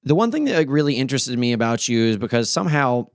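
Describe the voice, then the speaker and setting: A man's voice: medium pitch, very animated, fast talker, clear, resonant tone, no room sound, clean studio sound. A male podcast host talking casually and earnestly, blunt and swearing now and then.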